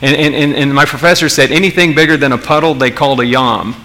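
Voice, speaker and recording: A man's voice: medium pitch, fast, pushed and bright, slight background noise. A man preaching a sermon as pastor, emphatic, asking the congregation rhetorical questions and often repeating words as he restarts.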